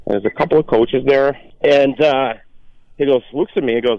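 A man from Russia, a former player, telling a lively story as a guest on a sports radio podcast. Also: medium pitch, normal speed, dry recording. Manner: animated anecdote with acted quotes. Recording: dry, dull lo-fi call audio.

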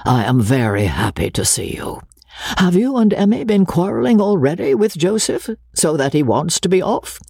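A reader voicing a jovial old gentleman who teases the young people. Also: mid-range voice, big pitch swings, moderate pace, gravelly, breathy edge, dry recording, clean studio sound, voice pushed up, exaggerated voice. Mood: teasing. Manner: teasing.

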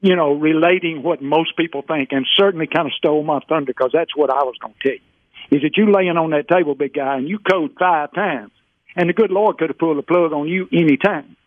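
A man calling in to a radio show, talking in a folksy, preacherly way with drawn-out emphatic phrasing over a phone line. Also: a little high, dry recording. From Mississippi. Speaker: caller. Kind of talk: casual radio call-in chat. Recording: phone-line call, dry.

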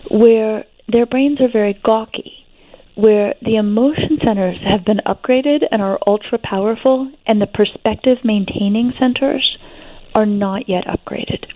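A woman, a guest expert on adolescence, explaining teenage development in an interview in an animated, reassuring way with frequent fillers. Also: a little high, measured pace, no echo. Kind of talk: interview conversation. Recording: tinny phone-line sound.

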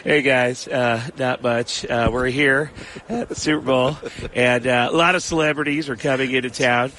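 A man impersonating a famous male actor who rambles out celebrity gossip in a halting, drawling way. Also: medium pitch, fairly even intonation, pushed and bright, a little hiss or hum, close to an everyday voice. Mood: gossipy.

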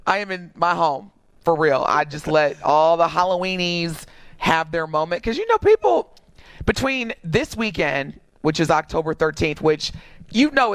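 A woman co-hosting a radio show in casual, playful chat and animated storytelling. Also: sits low, no echo.

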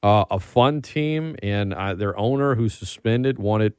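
A man's voice: on the low side, unhurried, clean tone, no echo, studio quality. A man hosting a casual sports talk show, rambling and getting worked up as he talks. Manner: animated, rambling, gets worked up. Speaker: podcast host.

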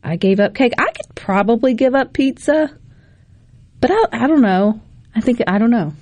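A woman's voice: on the high side, expressive, darkish tone, dry recording. A woman from Mississippi, co-hosting a casual radio talk show in a chatty, folksy way. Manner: chatty, folksy, quick asides.

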